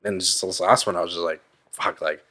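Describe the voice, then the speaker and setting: A man's voice: low-pitched, little pitch movement, fast, sharp tone. Rambling young male podcast guest. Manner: rambling with many "like"s, profane. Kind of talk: casual podcast chat. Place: podcast studio.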